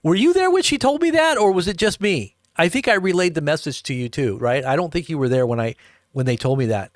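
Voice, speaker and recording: A man's voice: a little high, expressive, brisk, dry recording, studio quality. Rambling man telling stories to a live chat. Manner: rambling, chuckling, addresses viewers directly. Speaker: livestream host. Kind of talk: casual storytelling to a live chat.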